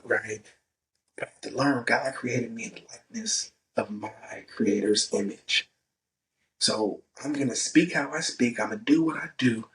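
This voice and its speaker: A man's voice: mid-range voice, pushed and bright, far from the mic, rough recording. A man hosting a podcast in a casual, profane, emphatic monologue, often tagging "right?". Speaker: podcast host.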